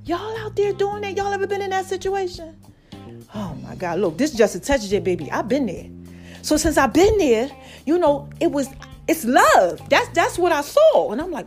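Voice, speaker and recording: A woman hosting her own podcast tells a casual story at a moderate pace, her high, darkish voice swinging widely in pitch over soft background music. She chats directly to listeners, repeating "baby" and "okay."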